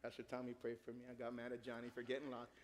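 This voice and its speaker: A middle-aged man preaching a sermon, telling a family story with lively acted-out dialogue. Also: medium pitch, rapid-fire. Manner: animated storytelling, acts out dialogue. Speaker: pastor. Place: church sanctuary. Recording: long hall reverb.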